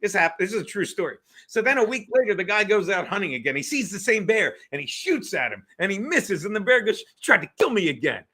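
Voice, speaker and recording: A man's voice: high-pitched, big pitch swings, fast talker, few pauses, sharp tone. A man co-hosting a podcast in casual political chat, profane, rambling and combative. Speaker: podcast co-host.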